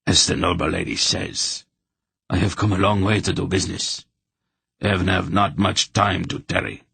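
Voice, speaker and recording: A man's voice: sits low, level tone, moderate pace, gravelly, pushed and bright, slightly rough, dry recording, exaggerated voice. A man doing a cold, heavily accented merchant. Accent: heavy foreign accent. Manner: curt, cold. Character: cold scar-faced foreign merchant man.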